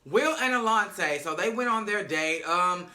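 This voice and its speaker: A man's voice: sits high, animated, measured pace, sharp tone. A man giving a casual reality-show recap, sassy, emphatic and profane.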